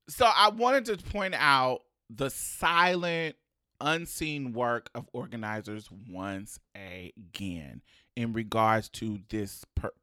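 A podcast co-host talking casually about an episode in a bright, lively voice that rises and falls a great deal. They laugh easily and slip into earnest points. The recording is close-miked and dry. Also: medium pitch, extremely slow, no room sound. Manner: animated, slipping into quoted voices and laughter. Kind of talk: casual chat reviewing a TV episode.

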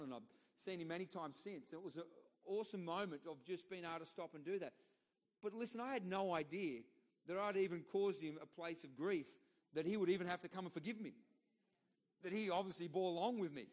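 A middle-aged man with an Australian accent delivering a sermon, telling personal stories in a conversational way with repeated, emphatic asides. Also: sits high. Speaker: pastor.

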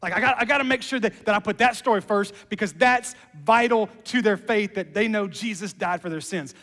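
A man acting out an awed apostle who thinks aloud as he starts writing his gospel, halting and wondering. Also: high-pitched, fairly bright tone, big-room sound.

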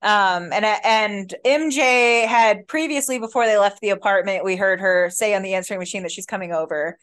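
A woman's voice: mid-range voice, moderate pace, a bit bright, clean tone. A woman co-hosting a podcast, casually recapping a movie with wry, exasperated asides. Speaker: podcast co-host.

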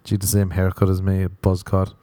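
A low-pitched, dark-toned man talks quickly with a completely flat delivery and no room sound. He's an Irish comedian hosting a podcast, sunburnt and rambling through foul-mouthed, playful stories with mocking impressions of the people he quotes.

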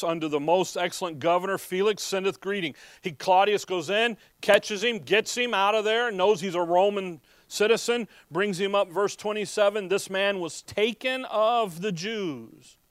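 A man preaching a sermon, asking his listeners questions and answering them himself, with swings between emphatic bursts and quiet asides as he reads scripture aloud. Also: a little high, no echo. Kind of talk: expository sermon.

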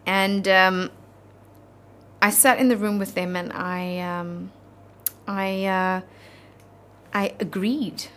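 A South African woman in her thirties, an interview guest telling a personal story in an earnest, halting, heartfelt way. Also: medium pitch, steady tone, a bit bright, slight background noise.

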